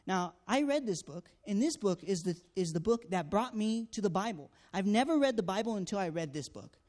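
A man tells a personal testimony in an earnest, storytelling manner. His voice sits a little high for a man. He acts out each exchange and leans on fillers as he goes. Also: lively intonation, brisk, darkish tone. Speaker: student canvasser sharing a testimony.

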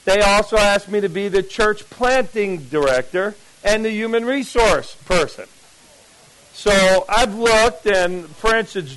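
High-voiced, chatty American preacher man. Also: poor audio. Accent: mixed American, mostly lost New Jersey. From New Jersey. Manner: chatty storyteller, animated asides to the audience. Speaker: pastor. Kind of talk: sermon. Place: church camp meeting before a congregation.

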